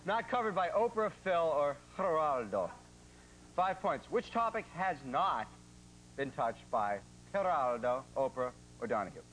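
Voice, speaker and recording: A man hosting a game show, cracking jokes and teasing the contestants in quick comic patter. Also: fairly high pitch, big pitch swings, a little hiss or hum, rough recording. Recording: loud show music underneath.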